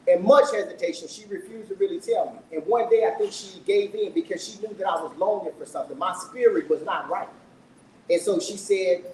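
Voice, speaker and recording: A middle-aged man with a high, slightly mellow voice shares a personal story at his book launch, speaking earnestly and with emotion while putting questions to the audience. The recording, made in an event room, sounds echoey and distant with faint noise.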